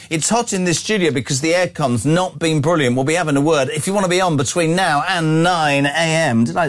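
Brash northern breakfast radio host. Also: male voice, fairly high pitch, brisk, few pauses. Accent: Northern English. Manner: brash, chatty, opinionated. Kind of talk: live talk radio.

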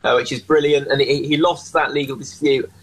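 Husky-voiced reporter on radio. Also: male voice, mid-range voice, steady tone, low-quality recording. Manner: measured and opinionated, with dry humour. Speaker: newspaper reporter guest. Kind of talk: radio discussion.

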